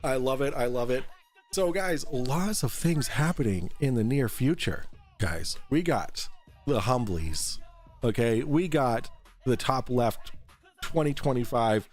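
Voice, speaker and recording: A male host of a casual livestream talk show, drinking as he goes. He rambles, restarts his sentences, swears freely and keeps answering his chat. His voice sits at an ordinary middle pitch. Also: lively intonation, measured pace, a little mellow, soft background music. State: drinking on air.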